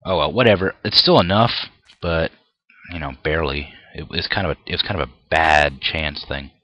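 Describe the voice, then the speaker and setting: A man's voice: rumbling low, moderate pace, bright, forceful tone, no room sound, highs cut off. A young man commenting on his own gameplay, often frustrated and ranting at the game with mild swearing. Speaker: gameplay video creator.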